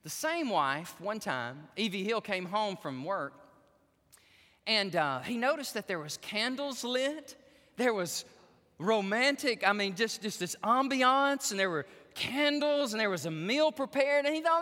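Male pastor, sermon delivery, bright lively high voice, long hall reverb. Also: unhurried. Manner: animated storytelling, addresses the women in the audience directly.

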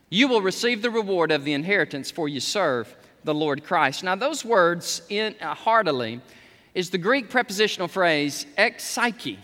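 A man's voice: high-pitched, animated, moderate pace. A man, preaching a sermon with emphatic peaks on key words. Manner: emphatic, rising to near shouts on key words. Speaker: pastor. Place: church sanctuary. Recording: long reverb of a large hall.

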